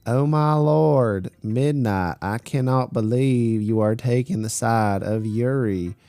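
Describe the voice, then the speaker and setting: A man's voice: medium pitch, takes it slowly, mellow, no room sound. A man streaming live through a slight voice changer, bantering crudely with chat as he reads it. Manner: crude, joking banter while reading chat.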